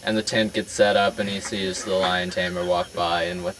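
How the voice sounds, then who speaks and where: A man telling a long rambling joke to friends in a casual, halting way, with fillers and restarts. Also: deep voice, level tone, fairly bright tone, slight background noise, rough recording. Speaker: joke teller.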